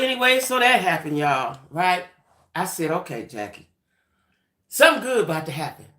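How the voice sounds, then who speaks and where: An adult woman hosting a livestream, telling a story in a chatty, animated way and talking straight to her viewers. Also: mid-range voice. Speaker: livestream host. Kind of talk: casual storytelling chat. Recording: roomy echoey room.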